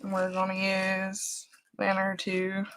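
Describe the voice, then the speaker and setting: A woman's voice: medium pitch, completely flat delivery, measured pace, slight background noise. A woman from West Virginia with an Appalachian accent, a craft host chatting casually and folksily while she works, laughing often.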